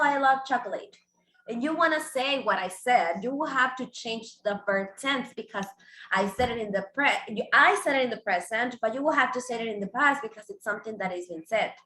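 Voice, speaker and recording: Young woman teacher, bright voice, patient grammar explaining, roomy echo. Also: on the high side. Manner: explains patiently with many examples and self-corrections. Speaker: English teacher. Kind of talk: online class teaching.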